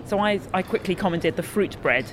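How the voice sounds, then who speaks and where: A woman's voice: lowish voice, brisk, background noise. A British woman who writes about food, chatting as a podcast guest in an enthusiastic, wry manner. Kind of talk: casual interview conversation.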